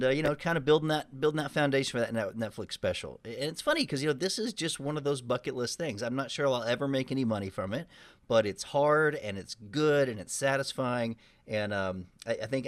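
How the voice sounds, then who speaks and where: A man's voice: medium pitch, fast, dry recording. A man with a Texas accent hosting a podcast, chatting in an upbeat, loose way. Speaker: podcast host. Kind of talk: casual talk-show chat.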